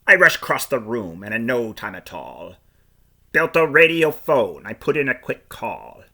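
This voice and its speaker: Male storybook reader, playful and expressive, bright voice, lively pitch, unhurried. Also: gravelly. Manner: playful, expressive, rhyming delivery. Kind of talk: performed storybook reading in first person.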